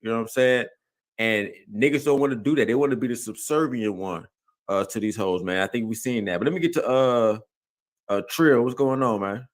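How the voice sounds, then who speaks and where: A man's voice: mid-range voice, brisk. A man hosting a casual livestream chat, laid-back and slangy with many fillers. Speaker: livestream host.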